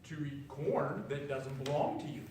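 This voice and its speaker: A man voicing a big, calm, polite frog in a read-aloud story, speaking slowly and plainly. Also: mid-range voice, a little hiss or hum, close to an everyday voice. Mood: earnest. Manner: slow, plain, earnest. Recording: roomy echo, distant mic, faint ambience.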